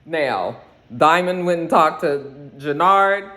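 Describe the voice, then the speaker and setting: A woman giving a casual, animated recap of a TV episode in slangy talk. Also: low-pitched, takes it slowly. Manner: animated, slangy, acts out the characters' lines. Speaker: TV episode reviewer.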